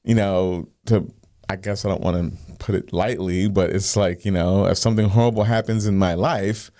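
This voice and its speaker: A man's voice: low voice, steady tone, normal speed, mellow. A man co-hosting a Christian podcast, talking casually and often asking "you know what I mean". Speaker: podcast co-host. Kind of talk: casual faith discussion.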